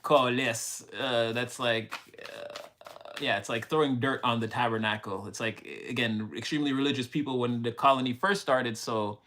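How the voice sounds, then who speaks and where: Speaking at a moderate pace with fairly even intonation, this man has a mid-range, bright, forceful voice. He hosts a livestream with a Montreal accent, bantering casually with viewers, laughing a lot and moving back and forth between French and English.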